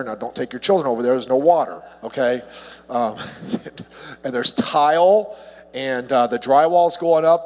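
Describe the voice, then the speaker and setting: Chatty pastor in a reverberant hall. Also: male voice. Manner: chatty and humorous, his voice jumps higher when he gets excited. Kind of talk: casual evening sermon with personal stories.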